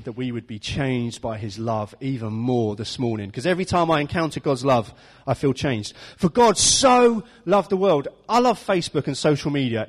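A man preaching an informal sermon, chatty and self-deprecating, often laughing at his own stories. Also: mid-range voice. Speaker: pastor. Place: church hall. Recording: echoey church hall.

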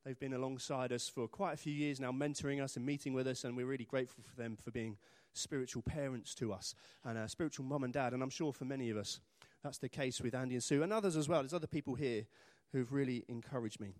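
A man's voice: medium pitch, fairly even intonation, fast, hardly any pauses, darkish tone, dry recording. A man from Britain preaching a sermon in church, chatty and self-deprecating, acting out little voices for humor.

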